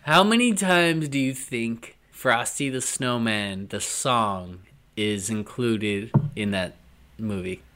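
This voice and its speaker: A man's voice: medium pitch, slow pace, bright, forceful tone. A man co-hosting a podcast, chatting casually and joking, laughing often and slipping into silly voices. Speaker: podcast co-host. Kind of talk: casual chat.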